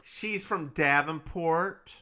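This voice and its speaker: A man's voice: a little high, takes it slowly, sharp tone, smooth. A man co-hosting a podcast, recapping a TV episode in a playful, jokey way. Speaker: podcast co-host. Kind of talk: casual recap chat.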